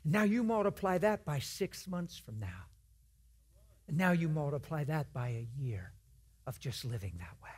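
A man's voice: a little high, sing-song, moderate pace, a little mellow, slightly rough. A man preaching in a church, telling a story in an earnest, conversational way. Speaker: guest preacher. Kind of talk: storytelling sermon.

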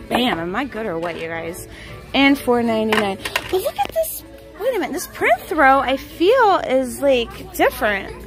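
A young woman with a voice that sits high chats on a casual shopping vlog, quickly reading out prices. She's filmed on a handheld camera in a large store, and the poor audio carries loud store music behind her.

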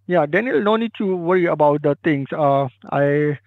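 A man on a phone call, hesitant and polite, filling pauses with 'uh' while reassuring. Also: fairly high pitch, animated, dry recording. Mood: placating. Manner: hesitant, polite, many fillers. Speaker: phone scammer. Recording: tinny phone line.

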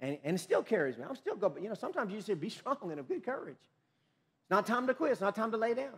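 A man preaching a sermon as pastor, swinging from loud emphatic phrases to low quiet ones, often restarting mid-phrase. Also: sing-song, fast talker.

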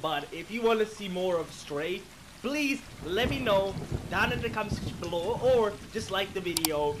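A man hosting a let's play, excitable and slangy, swearing freely and calling everyone bro and man. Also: sits high, normal speed, noisy background. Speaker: gaming channel host. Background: game music.

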